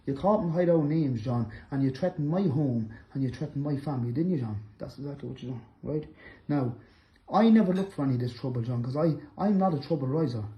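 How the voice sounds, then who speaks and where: A middle-aged man, angrily calling out a rival directly to camera, accusing and repetitive, breaking into loud bursts. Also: mid-range voice, a little fast, dull audio. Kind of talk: angry direct-to-camera callout.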